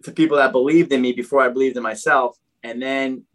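On a podcast, a young male guest tells his story in a relaxed, lively way, often saying "dude" and restarting sentences. His voice sits at a medium pitch and he talks quickly.

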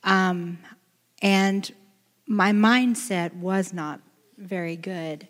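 A woman's voice: mid-range voice, fairly even intonation, extremely slow. A woman answering questions in an onstage church interview, thoughtful and hesitant. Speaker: pastor's wife, interviewee. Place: large church hall. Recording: echoey church hall.

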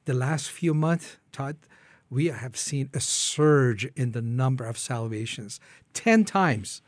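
A man's voice: mid-range voice, expressive, takes it slowly, dry recording. Earnest man from Iran telling his story. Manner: earnest, acts out his own prayers. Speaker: ministry founder, guest. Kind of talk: interview storytelling.

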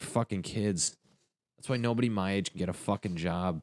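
A man's voice: deep voice, steady tone, moderate pace, no room sound, studio quality. A young man doing a crude, rambling stand-up comedy rant. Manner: crude, rambling, jumps into silly voices.

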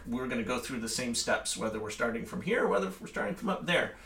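A man who teaches cello chats casually with a colleague, starting over often and slipping into quoted voices. His voice sits at an ordinary middle pitch. The room around him rings with a noticeable echo. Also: fast. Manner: animated, many restarts and fillers, acts out quoted voices. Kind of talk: casual chat between colleagues.

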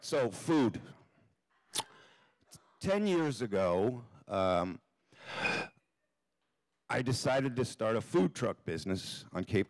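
A man's voice: mid-range voice, no echo. A man telling a comic story live on a theater stage, in a wry, offhand way with plenty of swearing.

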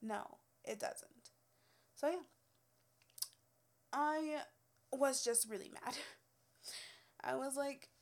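A young woman tells stories from her work in a casual, unscripted way. Her voice sits slightly high. She is blunt and profane and fills her talk with filler words. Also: very slow, long pauses. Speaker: cosmetology student telling work stories. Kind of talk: casual storytelling.

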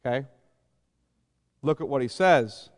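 A man's voice: medium pitch, unhurried, big-room sound. A man preaching a sermon as a pastor, explaining scripture in plain, conversational paraphrase. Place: church sanctuary.

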